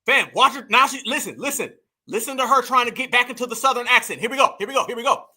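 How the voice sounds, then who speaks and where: High, bright-voiced emphatic male commentator. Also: fast talker. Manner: emphatic, preachy, addresses the audience as "fam" and "y'all". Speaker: online political commentator. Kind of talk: reaction commentary on a clip.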